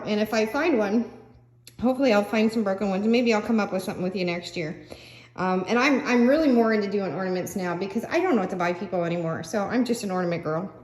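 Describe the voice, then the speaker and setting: An older woman who does crafts vlogs in a chatty, rambling, casual style, laughing easily and dropping fillers between thoughts. Her voice sits at a medium pitch, and the room gives it a noticeable echo.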